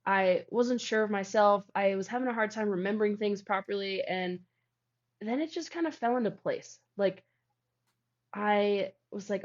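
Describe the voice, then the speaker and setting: A woman's voice: medium pitch, moderate pace. Rambling young woman telling her story. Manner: rambling, heavy use of "like". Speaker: guest, founder of a healing practice. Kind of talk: casual storytelling interview. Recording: dull lo-fi audio.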